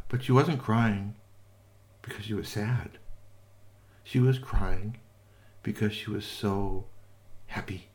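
A man telling a children's story with lively, sing-song narration and playful asides to listeners. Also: lowish voice, takes it slowly, long pauses, noisy background.

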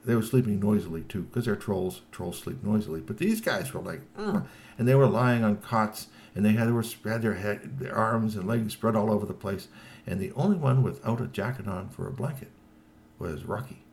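A man telling a children's story aloud, lively and full of put-on voices. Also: on the low side, a little fast, slight background noise.

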